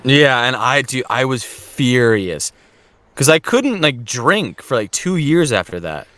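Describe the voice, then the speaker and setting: A man's voice: medium pitch, big pitch swings, measured pace, fairly bright tone. A young man telling a long crude story in a casual podcast chat, swearing often and acting out quotes with laughs.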